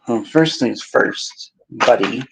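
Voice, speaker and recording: Slow-talking, winded man streaming chores. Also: mid-range voice, vocal fry, noisy background. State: out of breath. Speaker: livestream host. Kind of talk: casual chat while doing chores.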